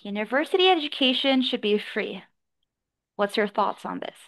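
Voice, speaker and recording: Woman, IELTS speaking tutor, slightly higher voice, patient explanations. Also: animated, vocal fry, fairly bright tone. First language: English. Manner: encouraging, explains slowly with examples. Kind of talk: online speaking lesson feedback.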